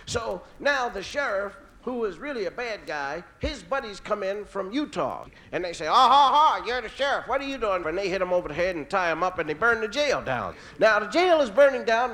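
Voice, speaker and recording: A man doing stand-up comedy, telling animated stories and jumping between impressions. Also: sits high.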